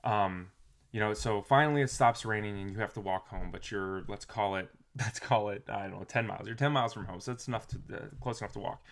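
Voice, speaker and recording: A man talking casually to camera in a motivational vlog, reflective and rambling, with restarts and soft trailing phrases. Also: lowish voice, brisk. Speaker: motivational vlogger.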